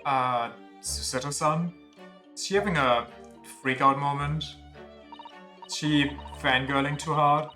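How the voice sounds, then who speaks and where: A man's voice: mid-range voice, steady tone, slow pace, pushed and bright, faint music behind. A man streaming a game, chatting casually with self-deprecating, laughing asides.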